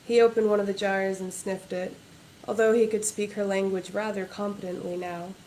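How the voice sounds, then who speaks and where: A woman's voice: medium pitch, darkish tone, slight background noise, low-quality recording. A woman author reading aloud from her own novel at a livestreamed book launch, in a plain reading voice without character voices or accents.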